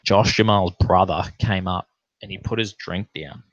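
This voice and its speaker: A pastor telling a profane, animated anecdote in a casual way. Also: male voice, low voice, normal speed, no room sound, dull audio. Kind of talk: casual storytelling.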